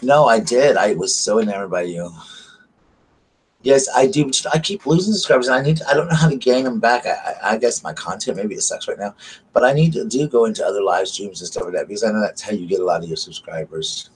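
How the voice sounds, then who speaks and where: A man's voice: lowish voice, lively intonation, quick pace, slight background noise, poor audio. A man chatting casually and gushingly to his live stream viewers, full of fillers. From Southern United States. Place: home at night by candlelight.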